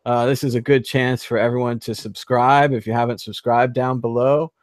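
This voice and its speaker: A man hosting a live panel show, moving briskly between guests and prompts. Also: medium pitch, steady tone, no room sound, studio quality. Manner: brisk moderator, runs the segment and calls on guests. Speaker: host.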